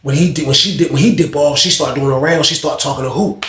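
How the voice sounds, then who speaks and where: A man telling a story in casual, animated, profane talk, acting out other people's voices. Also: fairly high pitch, quick pace, reverberant, a little hiss or hum.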